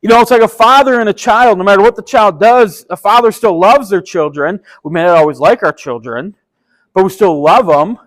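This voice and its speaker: A man's voice: high-pitched, fairly quick, rough recording. A man preaching a casual sermon, retelling a story in a chatty, enthusiastic and slangy way. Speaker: pastor.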